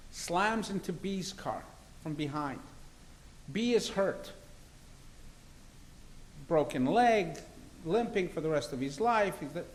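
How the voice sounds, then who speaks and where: A man's voice: on the high side, slight background noise, poor audio. A man, a criminal defence lawyer, talking in an interview in an assertive, argumentative and emphatic way. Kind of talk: interview conversation.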